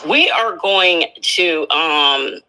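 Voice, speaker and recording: A woman's voice: on the low side, animated, extremely slow, bright, forceful tone, rough recording. Bossy woman with an old-sounding voice. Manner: bossy, directs her co-host. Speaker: livestream host. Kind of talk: casual livestream talk.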